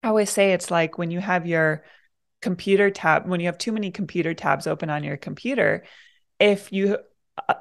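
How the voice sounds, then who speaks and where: A woman's voice: on the low side, normal speed, gravelly. A woman guest, a naturopath, speaking emphatically and with conviction in a casual conversation.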